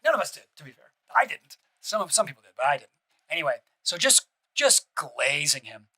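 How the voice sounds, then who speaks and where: A man's voice: fairly high pitch, sing-song, a little fast, bright, forceful tone, husky, rough recording. A man streaming casual reaction commentary, rambling with restarts and asides and swearing bluntly.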